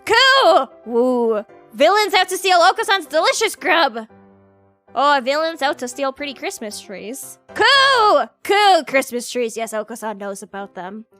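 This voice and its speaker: Squeaky hyper pigeon dude cooing all over the place, a lady voicing him, real bright. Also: measured pace, faint music behind, exaggerated voice. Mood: giddy. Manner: cooing, excitable. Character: hyperactive silly male pigeon. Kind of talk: reading visual novel dialogue aloud.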